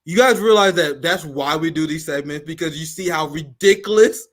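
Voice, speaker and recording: Heated guy ranting on a live stream, cusses a lot, kinda high voice. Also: normal speed. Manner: heated, blunt and profane. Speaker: host. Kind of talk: live-stream political commentary.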